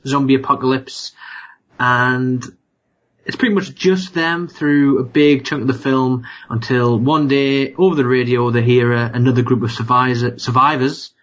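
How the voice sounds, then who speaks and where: A man co-hosting a podcast in casual chat, joking and reacting quickly. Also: medium pitch, steady tone, fairly bright tone, highs cut off. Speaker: podcast co-host.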